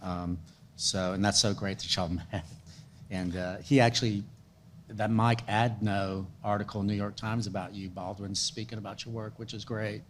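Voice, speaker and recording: Flat-voiced man moderating a panel. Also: fairly low pitch, slight background noise. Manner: measured, agreeable, many soft "mm-hmm" backchannels. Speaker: moderator and curator. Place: museum event space.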